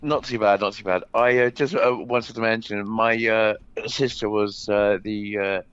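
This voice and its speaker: Deep-voiced hesitant male caller. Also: fairly even intonation, unhurried, a bit bright, clean tone, no echo, dull audio. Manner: hesitant, many fillers.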